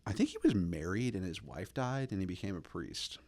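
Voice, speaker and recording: A man with a fairly low voice tells a long, rambling story on his podcast. He fills it with "like" and "you know". He jumps up in pitch when he acts out what people said. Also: lively intonation, fairly quick, a little mellow. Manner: conversational, acts out quoted lines with jumps in pitch; drawling fillers like "like" and "you know". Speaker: podcast host. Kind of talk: casual storytelling monologue.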